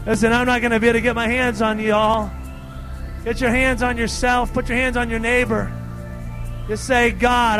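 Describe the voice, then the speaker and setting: A man preaching a charismatic sermon and praying over people, breaking into laughter and ecstatic shouts. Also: very high voice. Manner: speaking in tongues. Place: church hall with live worship music. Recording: music playing behind the voice.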